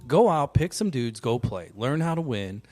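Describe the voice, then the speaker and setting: Guy hosting a podcast, mid-pitched voice, laid back storyteller who laughs a lot. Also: normal speed. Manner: animated storyteller, laughs often. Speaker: podcast host. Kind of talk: casual chat.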